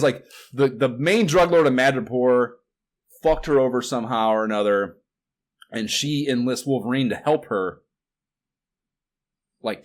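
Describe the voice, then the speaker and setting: A man in casual podcast chat, rambling through his thoughts with lots of fillers and swearing. He jumps up into loud, incredulous bursts and then drops back to a low mutter. His voice sits at an ordinary middle pitch. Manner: rambling, swears often, animated outbursts of disbelief. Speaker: podcast co-host.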